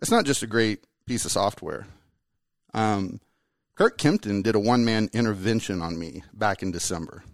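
A man hosting his own podcast in casual, energetic chat, joking and rambling as he talks to a guest. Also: on the low side, moderate pace, no echo. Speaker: podcast host.

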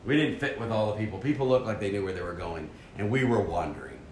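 A man casually telling a story about a church mission trip, animated and self-deprecating, acting out his own inner voice. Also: fairly low pitch, fast, roomy sound, slight background noise.

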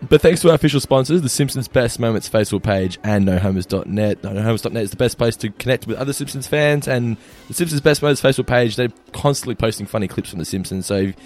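Fast-talking relaxed man. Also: medium pitch, faint music behind. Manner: quick, relaxed, laughs along. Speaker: podcast co-host. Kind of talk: casual chat.

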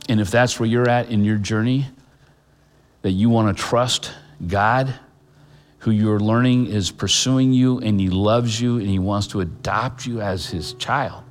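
A middle-aged pastor delivers a heartfelt sermon in a fairly low voice. He speaks earnestly, often restarting his sentences and pausing with fillers. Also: steady tone, in a large hall. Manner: emotional, choked up at moments.

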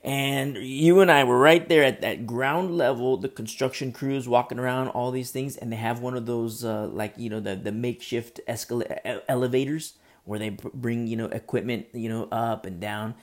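A man's voice: medium pitch, steady tone, moderate pace, hardly any pauses. A male preacher delivering a sermon with earnest storytelling, often restarting his phrases.

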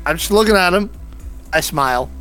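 A man's voice: high-pitched, animated, a little fast, sharp tone, soft background music. A man playing in a tabletop game, cocky and provoking. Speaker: player. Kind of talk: casual tabletop play.

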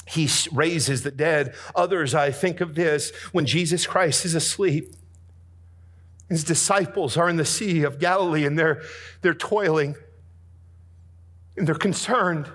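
Fervent male preacher with a high-leaning voice. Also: a little slow, pauses often. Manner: dramatic preaching that swings between soft and booming. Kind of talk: sermon.

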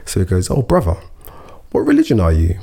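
A man's voice: deep voice, a little fast, creaky, husky. A man chatting casually, telling a funny story and acting out what people said. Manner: animated, laughing storyteller who acts out quotes.

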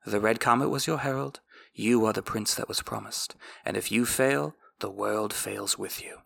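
A man voicing a seductive female priestess, speaking in a hushed, breathy half-whisper. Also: lowish voice, moderate pace, heavily acted.

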